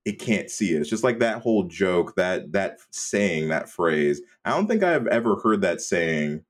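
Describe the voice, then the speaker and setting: A man co-hosting a casual movie-review podcast, rambling in a relaxed way with plenty of "like". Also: sits low, a little slow. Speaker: podcast co-host.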